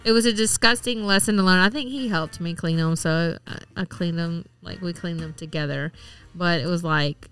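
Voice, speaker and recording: Bright, clear-voiced chatty woman. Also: on the low side, moderate pace, faint music behind. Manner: chatty, swears freely, laughs often. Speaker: podcast co-host. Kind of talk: casual chat.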